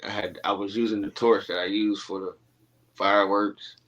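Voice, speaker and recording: A man telling stories in casual podcast chat, animated and laughing, acting out what he and others said. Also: fairly low pitch, moderate pace, lo-fi sound, slight background noise. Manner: animated, laughing storyteller, acts out his own quotes. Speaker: guest.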